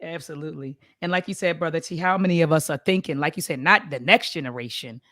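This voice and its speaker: A woman's voice: low-pitched, quick pace, a bit bright, no room sound, clean studio sound. A woman in a casual book club discussion, talking with many fillers and reading passages aloud. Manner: conversational, filler-heavy, reads passages aloud.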